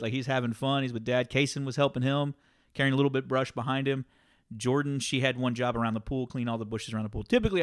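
Male podcast co-host, 30s, energetic storyteller who laughs through his stories. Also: medium pitch. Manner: animated storyteller, laughs often. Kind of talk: casual chat.

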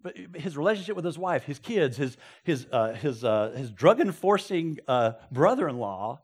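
A man preaching a sermon, telling stories with folksy asides and sudden loud exclamations. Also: on the high side, sing-song, normal speed, few pauses, husky. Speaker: pastor.

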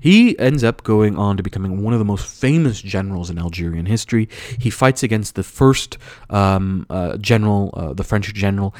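Low-voiced American man lecturing. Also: a little mellow, no room sound, clean studio sound. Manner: earnest, explanatory, occasional restarts and fillers. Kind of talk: history lecture.

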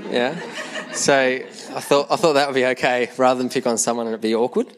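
A man's voice: medium pitch, steady tone, brisk. A man preaching a sermon in a conversational way, often repeating words as he restarts a thought, with light humor toward the congregation. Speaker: pastor. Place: church service.

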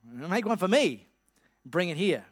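A man's voice: sits high, big pitch swings, unhurried, no room sound, clean studio sound, heavily acted. A man voicing a demanding, brusque prophet who gives orders offhandedly. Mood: reassuring. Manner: bossy, offhand.

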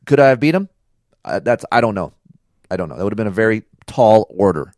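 A man's voice: fairly low pitch, quick pace, dry recording, clean studio sound. A man co-hosting a podcast in casual chat, rambling and profane as he tells stories. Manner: rambling, profane, animated storytelling. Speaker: podcast co-host.

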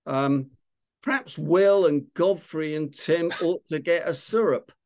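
A man's voice: fairly high pitch, slow. An older man from London with a Cockney accent, hosting a casual online chat and quizzing his audience on slang in a playful, chatty way. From London, England. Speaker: host of an online talk session.

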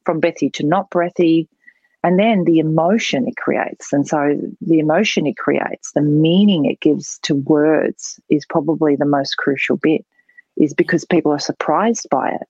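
A woman's voice: low voice, moderate pace, a little mellow, husky, no room sound. A woman speaking as a voice and public speaking coach, explaining how tone works. Her voice has a muffled, lo-fi quality. It sounds dry, with no room around it. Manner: explanatory, demonstrating voice types. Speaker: public speaking trainer and guest. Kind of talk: podcast interview answers.

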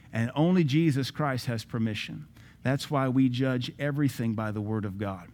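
A man with an ordinary mid-range voice delivers social commentary from a Christian standpoint. He talks emphatically, stacking rhetorical questions and repeating phrases for effect. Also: mid-range voice.

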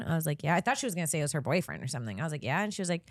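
A woman's voice: on the low side, expressive, fast, few pauses, dry recording, studio quality. A woman in her thirties, a comedian co-hosting a podcast, telling a story in casual chat. She acts out the people she quotes and laughs often.

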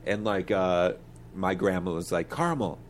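Laid-back, low-voiced man chatting casually. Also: animated, normal speed, slight background noise. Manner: laid-back, swears freely, rambling. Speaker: podcast co-host. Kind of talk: casual chat.

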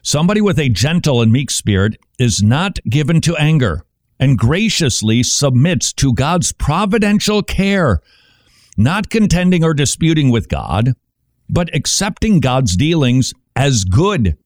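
A man's voice: measured pace, dry recording, studio quality. A man preaching a sermon in a conversational, emphatic way, asking rhetorical questions and acting out examples. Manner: animated, emphatic, shifts pace and pitch for effect.

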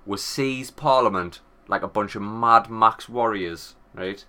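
A man's voice: lowish voice, a little slow, hardly any pauses. A Northern English man co-hosting a podcast, telling rambling, sweary stories in casual banter. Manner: rambling, sweary, animated storytelling. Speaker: podcast co-host.

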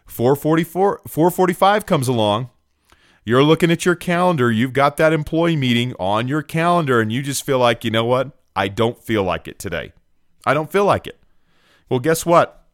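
A man's voice: mid-range voice, fairly bright tone, no echo. Earnest podcast host man, dry close sound. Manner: earnest, emphatic, with frequent "right?" and "look". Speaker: podcast host, business owner. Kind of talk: motivational podcast talk.

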